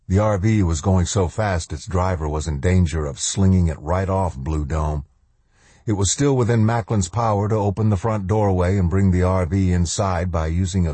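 A man narrating an audiobook in a measured, steady storytelling manner. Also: low-pitched, breathy edge, dry recording. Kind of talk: scripted narration.

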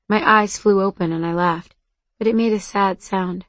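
A woman narrating a first-person novel in a soft, understated manner. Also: medium pitch, steady tone, normal speed, no echo. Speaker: audiobook narrator.

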